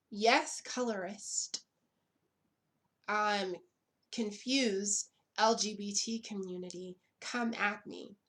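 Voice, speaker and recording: Slow, emphatic trans woman vlogger. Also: mid-range voice. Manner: emphatic, repeats lines for effect, blunt and profane. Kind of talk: impassioned direct-to-camera commentary.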